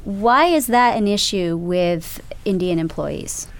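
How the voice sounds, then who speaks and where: A woman hosting a radio interview show, narrating and asking measured, probing questions. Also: medium pitch, lively intonation, slight background noise.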